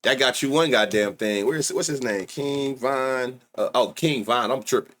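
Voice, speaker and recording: A man hosting a sports betting livestream, chatting casually with loud excitable outbursts and heavy slang. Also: mid-range voice, normal speed. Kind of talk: casual live-stream chat.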